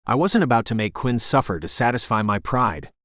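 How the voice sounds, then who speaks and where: A man narrating an audiobook in the first person, in a steady, measured scripted reading on a close mic. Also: mid-range voice, dry recording.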